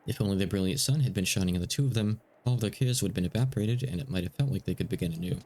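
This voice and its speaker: A man's voice: on the low side, racing, creaky, a little mellow, a little hiss or hum. A male streamer reading a visual novel aloud, with casual asides between the narration.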